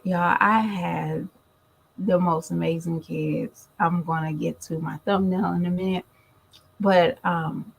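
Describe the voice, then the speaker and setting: A middle-aged woman vlogging in a relaxed, chatty way, calling her viewers y'all as she tells a family story. Her voice sits low with a gravelly fry and a husky edge. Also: poor audio. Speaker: vlogger and mother. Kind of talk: casual chat to viewers.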